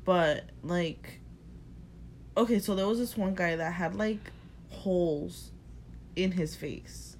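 A young woman with a somewhat low voice tells her own work story in relaxed casual chat, leaning on "like" as she goes. A faint noise hums under her voice. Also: slow, pauses often. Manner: relaxed, fills with "like".

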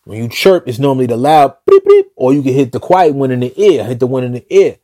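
A man telling a street story in a slangy, profane, animated way, often restarting his sentences. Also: mid-range voice, fast, no room sound, studio quality.

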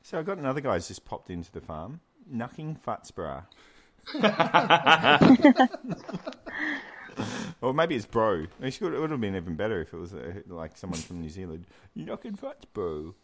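Male podcast host, lowish animated voice, chatty and irreverent. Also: fast, hardly any pauses. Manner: leads the talk, laughs a lot, swears. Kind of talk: casual gaming chat.

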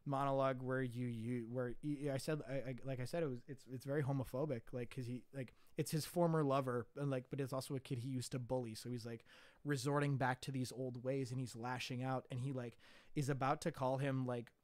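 A man's voice: mid-range voice, steady tone, a little fast, a little mellow, no room sound. A young man in casual podcast chat, rambling with many fillers and restarts as he recalls acting class.

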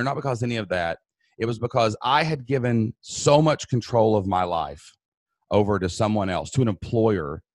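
A man with a somewhat low voice tells a personal story as an interview guest, earnest and emphatic. He acts out the voices of the people in it. The sound is dry and close, with little room. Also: no echo. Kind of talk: emotional first-person storytelling.

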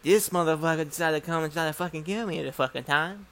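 A man with a fairly high voice and a drawl spins a chaotic story in casual, profane speech. He rambles, restarts often and acts out each exchange of dialogue himself. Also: fast talker, fairly bright tone.

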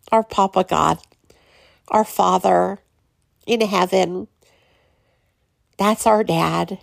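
A middle-aged woman hosts a devotional podcast, pausing often as she earnestly encourages her listeners. Her voice carries a heavy, gravelly vocal fry at a moderate pitch, and the recording is dry and close. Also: dry recording. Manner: earnest, encouraging, with frequent pauses. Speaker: podcast host.

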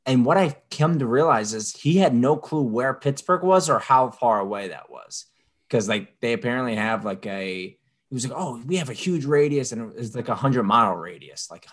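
A man co-hosting a podcast, telling a story with lively asides and mocking impressions of people. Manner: animated storyteller, mimics people in high voices. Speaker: podcast co-host. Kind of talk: casual chat.

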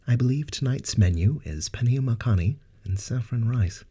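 A man voicing a good-natured male doctor in an audiobook, talking warmly and genially. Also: mid-range voice, expressive, moderate pace, husky, pitched above the performer's own voice. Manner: warm, genial.

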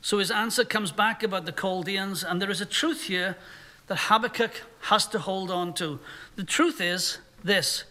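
Male pastor, earnest sermon delivery, high and ringing tone. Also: moderate pace, sharp tone. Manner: earnest, voices imagined speakers in quotes.

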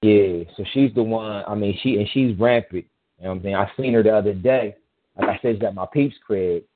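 A man's voice: lowish voice, brisk. A man in casual chat, telling a personal story in a rambling, emphatic way with frequent restarts. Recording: tinny phone-line sound.

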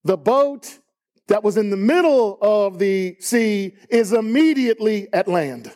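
A man preaching a sermon in a church, emphatic and rising to high exclamations. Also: animated, measured pace, darkish tone. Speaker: pastor. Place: church sanctuary.

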